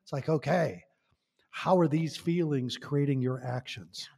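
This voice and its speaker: A man's voice: a little high, unhurried, vocal fry, warm tone, slightly rough, in a large hall. A man talking as a podcast guest, passionate and emphatic, asking rhetorical questions. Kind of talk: conversational podcast talk.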